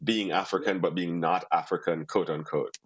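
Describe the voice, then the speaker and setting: A man's voice: low-pitched, steady tone, moderate pace, husky. A man from Jamaica with a Jamaican accent, a poet telling stories thoughtfully and articulately in a conversation. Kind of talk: conversational storytelling.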